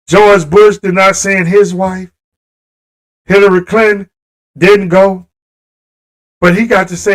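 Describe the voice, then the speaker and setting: Fired-up high-voiced man ranting on a livestream. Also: flat delivery, measured pace, pauses often, low-quality recording. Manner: impassioned, talks straight to viewers. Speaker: live stream host. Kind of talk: livestream political rant.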